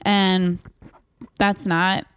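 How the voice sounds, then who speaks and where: A woman's voice: mid-range voice, level tone, extremely slow, a bit bright, clean tone. A young woman comedian telling candid, profane stories in a casual podcast chat, with lots of "like". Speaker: comedian guest.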